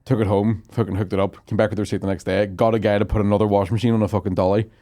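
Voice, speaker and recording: A man's voice: lowish voice, flat delivery, very fast, mellow. A young man, co-hosting a podcast, telling crude stories in casual banter. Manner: crude, swearing, joking storyteller. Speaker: podcast co-host.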